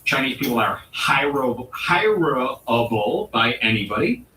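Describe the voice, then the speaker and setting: A man hosting a comedy show and delivering a provocative, mock-serious rant with dramatic pauses. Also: mid-range voice, very animated, pushed and bright, slight background noise. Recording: roomy echo, distant mic.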